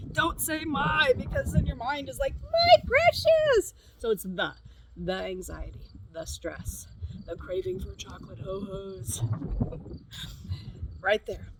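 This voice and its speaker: A woman's voice: mid-range voice, very noisy. A middle-aged woman, a counselor, casually demonstrating a tapping technique outdoors, chatty and repeating short cue phrases, with an easy laugh. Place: outdoors at a farm.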